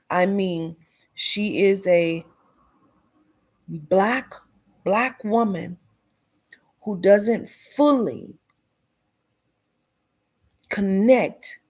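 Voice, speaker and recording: A woman's voice: mid-range voice, darkish tone. A woman giving a blunt, profane commentary rant, dropping into whispers for emphasis. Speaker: commentary vlogger.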